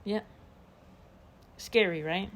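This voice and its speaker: A woman's voice: mid-range voice, takes it slowly, a little hiss or hum. A woman co-hosting a podcast, casually retelling true-crime stories with lots of fillers and quoted asides. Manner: chatty storyteller, many fillers and quoted asides. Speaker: podcast co-host.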